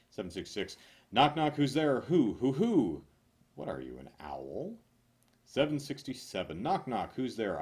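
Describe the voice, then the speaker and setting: A man reading knock-knock jokes one after another, loud on the punchlines and mumbling his asides. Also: medium pitch. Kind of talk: rapid-fire joke reading.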